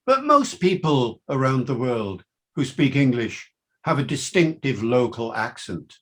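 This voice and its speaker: An older man with a mixed Welsh and Liverpool accent, giving a university lecture with enthusiastic, swinging emphasis. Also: measured pace. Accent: Welsh and Liverpool mix. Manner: enthusiastic, lively pitch swings.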